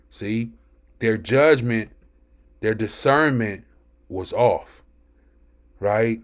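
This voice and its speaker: A man's voice: medium pitch, lively intonation, slow. A man reading scripture aloud and commenting on it in an emphatic teaching style, often checking in with "right?" between verses.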